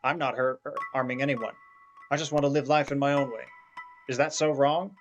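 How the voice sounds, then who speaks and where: A man voicing a gentle, lonely male hermit from a farming game in a soft, pleading way. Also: mid-range voice, steady tone, brisk, highs cut off, faint music behind, lightly acted. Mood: hurt.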